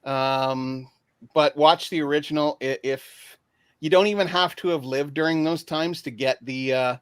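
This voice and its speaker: A man's voice: a little high, a little slow, smooth, no room sound. A man from Canada, a guest on a casual online panel chat, talking hesitantly with many fillers and restarts. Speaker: guest picking favorite films.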